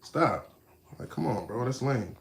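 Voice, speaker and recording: A man hosting a casual live stream, reacting to a video and talking straight to his chat in street slang, animated and mocking, dropping to low mutters and then bursting out loud. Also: measured pace, vocal fry.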